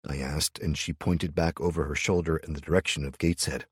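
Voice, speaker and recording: A man with a deep, husky voice narrates a first-person audiobook. His delivery is gruff and muttering, but his pitch moves a lot from line to line. The recording is dry and close. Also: fairly even intonation, fairly quick, no echo.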